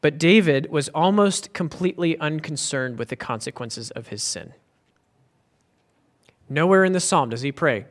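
A man's voice: fairly high pitch, expressive, moderate pace, fairly bright tone. A man preaching a sermon as pastor, earnest and emphatic, often restarting his sentences.

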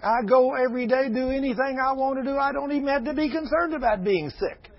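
A man's voice: very high voice, quick pace. A man in his sixties preaching to a congregation, folksy and emphatic, slipping into fervent prayer. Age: 60s. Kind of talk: sermon. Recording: dull lo-fi recording.

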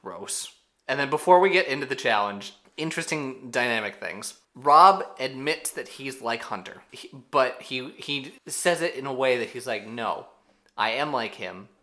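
A man co-hosting a podcast, recapping an episode in casual chat with animated storytelling. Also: medium pitch. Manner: animated storytelling with quick asides. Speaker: podcast co-host.

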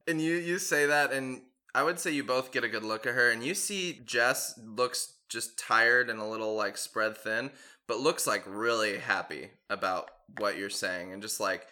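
A man's voice: mid-range voice, moderate pace, sharp tone. A man narrating a tabletop role-playing game as game master, loose and chatty with frequent laughs. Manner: laughs often, loose with fillers.

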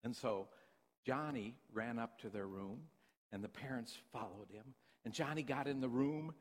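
A man preaching a sermon, telling a story in an animated, conversational way. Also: mid-range voice, moderate pace. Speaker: pastor. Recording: long reverb in a big hall.

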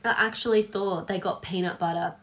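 An Australian woman co-hosting a casual podcast chat, animated and acting out quotes, swearing casually. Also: medium pitch, brisk. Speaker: podcast co-host.

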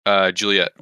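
A man's voice: lowish voice, bright, forceful tone, no room sound. A man co-hosting a podcast, talking in a casual, jokey, blunt way among friends and laughing often. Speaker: podcast co-host. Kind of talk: casual group chat.

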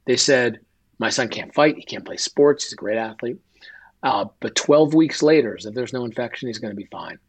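A man's voice: medium pitch, moderate pace, husky. A man, a guest and author, telling an emotional personal story in an interview and acting out quoted dialogue.

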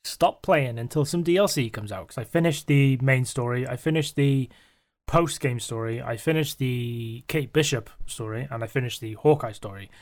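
A man's voice: medium pitch, normal speed. A man co-hosting a podcast in casual chat, joking, laughing often and trailing off into fillers. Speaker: podcast co-host.

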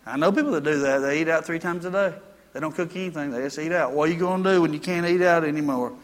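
Guy preaching a sermon, pretty high voice, folksy stories, big reverb from the hall. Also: fast talker. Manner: folksy storytelling, rising to emphatic preaching. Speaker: pastor.

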